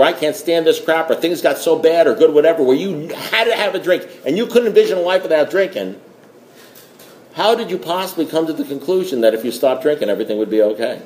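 Rambling, joking man with a mellow voice. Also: a little high, echoey room, a little hiss or hum. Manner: rambling, joking, repeats himself. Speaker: speaker at a recovery meeting. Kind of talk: storytelling recovery talk.

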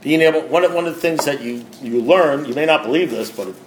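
A man's voice: on the high side, quick pace, roomy sound, a little hiss or hum, low-quality recording. A man sharing a personal recovery story with an audience in a blunt, conversational way, acting out the voices of people in it. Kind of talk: candid personal talk to an audience.

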